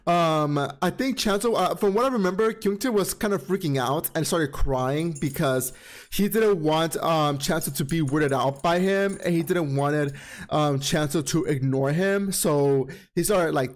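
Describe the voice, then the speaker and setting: Sassy high-voiced man recapping comics. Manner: expressive, sassy, swearing, dramatic repetitions. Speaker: podcast host. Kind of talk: casual commentary on comics.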